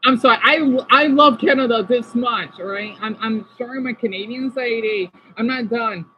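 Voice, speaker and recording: A man's voice: very high-pitched, normal speed. A man chatting casually as a vlogger, reacting to videos with rambling, apologetic, playful asides. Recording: slightly dull, faint background noise.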